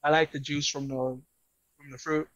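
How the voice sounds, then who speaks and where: A man's voice: on the high side, little pitch movement, normal speed, fairly bright tone, no room sound, highs cut off. A man co-hosting a podcast, joking and teasing in slangy casual chat. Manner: joking and teasing, slangy, talks while eating. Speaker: podcast co-host.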